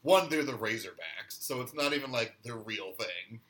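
A woman's voice: rumbling low, expressive, moderate pace, background noise. A woman co-hosting a podcast, recapping a TV episode in casual chat with wry asides and frequent laughter. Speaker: podcast co-host.

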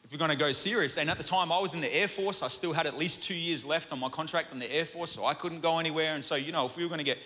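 A man with an Australian accent preaching a sermon, telling a personal story in a chatty, animated way that keeps asking "right?". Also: on the high side, rapid-fire, hardly any pauses. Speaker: pastor. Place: church auditorium. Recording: long hall reverb.

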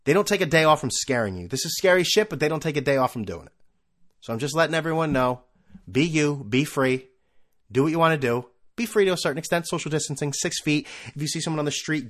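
A young man talks alone on his podcast in a loose, rambling way. His pitch swings widely as he jumps between topics, and he keeps undercutting himself with sarcastic jokes. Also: animated, fast, fairly bright tone. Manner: rambling, self-mocking, sarcastic asides. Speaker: podcast host. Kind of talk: casual solo podcast monologue.

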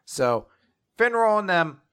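A man's voice: high voice, very animated, slow, a bit bright, clean tone. A man co-hosting a casual recap show, rambling through a story and quoting characters along the way. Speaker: podcast co-host. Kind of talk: casual chapter recap chat.

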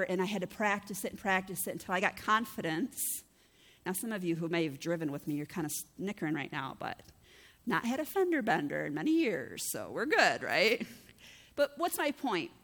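A woman's voice: on the low side, big pitch swings, fairly quick, fairly bright tone. A middle-aged woman pastor, preaching a conversational, story-driven sermon and acting out the dialogue she quotes. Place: church hall. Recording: church hall reverb.

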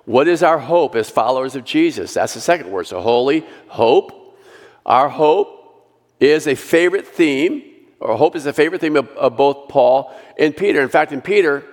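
A male pastor preaching a sermon, earnestly leading the congregation in repeated declarations and dropping to a hushed voice on scripture. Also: medium pitch, animated, normal speed, in a large hall.

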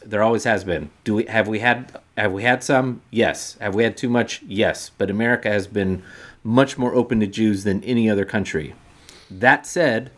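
A man co-hosting a podcast in casual chat, explaining a point at length and restarting sentences as he thinks aloud. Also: on the low side. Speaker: podcast co-host.

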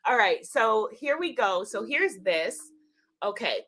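A woman with a high, bright voice hosts a casual livestream, chatting straight to her viewers. She talks in an excitable, gushing way. Her tone stays sharp and lively. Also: slow pace. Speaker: livestream host unboxing a tarot deck.

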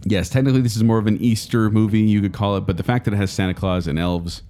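A man co-hosting a casual movie review chat, animated and chatty, often laughing. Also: fairly low pitch, quick pace. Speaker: co-host.

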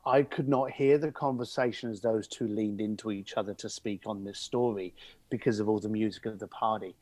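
A man as an interview guest, telling an anecdote in a lively conversational way and acting out the voices of the people in it. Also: on the low side, fairly quick, dry recording. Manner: animated, acts out the voices in his anecdotes. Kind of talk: conversational storytelling.

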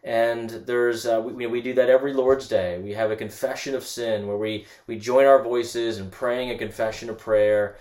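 A man gives a relaxed church teaching in an earnest tone. He often stumbles into repeated words and restarts before pressing on, with a voice of ordinary middle pitch. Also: normal speed, few pauses. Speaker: guest teacher.

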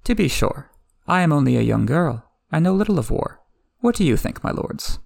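Casting: man voicing a young queen, imperious, lively rise and fall, gravelly edge. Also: a little high, normal speed, dry recording, voice pushed up, full character voice. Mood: coy. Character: young commanding female queen, cool and proud.

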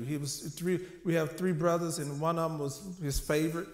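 A man's voice: fairly high pitch, fairly even intonation, fairly quick, hardly any pauses. Emotional preaching man in an echoey church. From New Orleans. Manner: emotional, conversational preaching with dramatic quotes. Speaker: minister. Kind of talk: sermon.

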